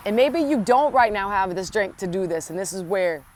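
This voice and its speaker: A spiritual coach speaks in a mid-range, somewhat mellow voice that is expressive and fairly quick, with slight background noise. She gives an inspirational spiritual talk, addressing the listener earnestly and affectionately and repeating phrases for emphasis.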